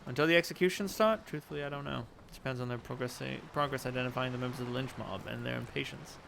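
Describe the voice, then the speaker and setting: A man reading aloud as a composed middle-aged woman envoy, in a measured, formal and diplomatic way. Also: medium pitch, vocal fry, fairly bright tone, slight background noise. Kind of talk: reading game dialogue aloud.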